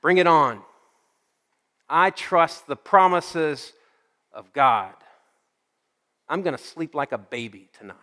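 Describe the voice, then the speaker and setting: A preacher doing a breezy, scoffing believer, pitched up high. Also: male voice, lively intonation, slow pace, pauses often, sharp tone, in a large hall, full character voice. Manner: breezy, dismissive certainty. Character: confident, scoffing grown man of faith.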